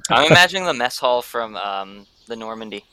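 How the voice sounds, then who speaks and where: A man playing a tabletop game, joking and excitable with the group. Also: medium pitch, fairly quick, clean tone, dry recording, rough recording. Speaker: player. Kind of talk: casual chat during a tabletop game.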